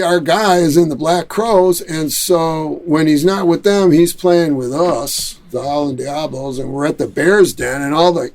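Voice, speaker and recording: A man with a Detroit accent telling a lively story in a casual interview, acting out other people's quotes. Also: a little high. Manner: animated storyteller who acts out quotes. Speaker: musician and studio owner, guest.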